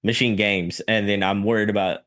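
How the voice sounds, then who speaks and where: A man talking casually about games as a podcast guest, relaxed, often saying "like". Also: fairly low pitch, brisk. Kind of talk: casual gaming chat.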